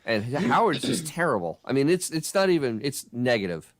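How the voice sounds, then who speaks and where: A man's voice: mid-range voice, very animated, brisk, no echo. A man co-hosting a podcast, telling loose, rambling stories in casual chat. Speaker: podcast co-host.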